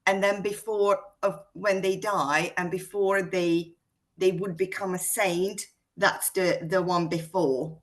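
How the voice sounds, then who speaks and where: A woman's voice: fairly low pitch, steady tone, takes it slowly. A woman from Hungary with a British accent touched by South African vowels, telling her story in a chatty way with frequent ums. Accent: Hungarian-born, mixed British and South African. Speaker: guest speaker. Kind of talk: casual conversation on a video call.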